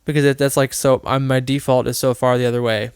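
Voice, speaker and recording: Man with a smooth voice. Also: medium pitch, level tone, quick pace, no room sound, clean studio sound. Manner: rambling, many fillers and restarts, thinking aloud. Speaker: podcast co-host. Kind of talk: casual chat.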